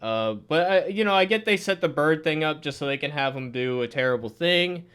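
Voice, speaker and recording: A man's voice: on the high side, lively intonation, brisk, fairly bright tone, clear, resonant tone. A man casually reviewing a show episode, exasperated and sarcastic, swearing often and laughing in disbelief.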